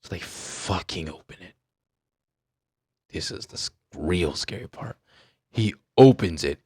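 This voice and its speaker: A young man in a casual rant, animated and profane, who often trails off into mumbles. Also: sits low, unhurried, pauses often, husky. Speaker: streamer. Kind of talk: casual rant about an anime.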